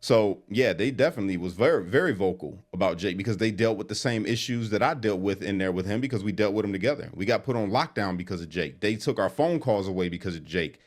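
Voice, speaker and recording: Fast, lowish male guest. Animated, casual storyteller. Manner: animated, quick storyteller who acts out quotes. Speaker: interview guest.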